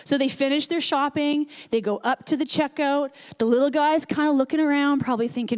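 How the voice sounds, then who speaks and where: A woman pastor delivers a sermon in a high-pitched voice. She tells her story with animated, earnest energy and speaks plainly to her listeners. She sounds middle-aged. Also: a little fast, hardly any pauses.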